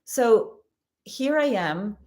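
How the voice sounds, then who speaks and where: Slow-spoken, candid woman host. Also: fairly high pitch, expressive, darkish tone. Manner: candid, earnest, many fillers and restarts. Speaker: host and course teacher. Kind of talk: personal reflective monologue.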